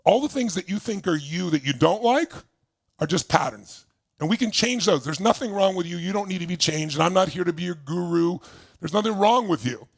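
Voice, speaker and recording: Older male motivational speaker with a raspy edge, lively and audience-engaging. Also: sits high, fairly quick. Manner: animated, asks the audience questions, laughs often. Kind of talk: storytelling seminar talk.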